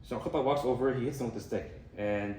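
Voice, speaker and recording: A young man giving a casual talk on a hadith, explaining in a relaxed way with fillers and Arabic terms. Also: mid-range voice, fairly quick, slight background noise. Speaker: student speaker on hadith. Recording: echoey room from far off.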